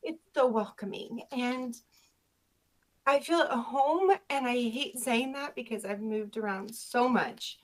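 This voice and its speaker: A woman doing a slow, naive witness-protection newcomer. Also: on the high side. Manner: slow, halting, wide-eyed. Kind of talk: improv comedy character. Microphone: video call.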